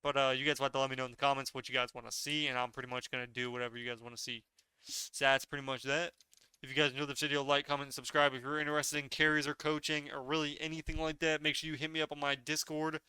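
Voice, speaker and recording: Man with a very bright, crisp voice. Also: mid-range voice, little pitch movement, fast, no echo. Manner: rambling, loose, heavy on filler words. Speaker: gaming video creator. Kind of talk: casual gameplay commentary.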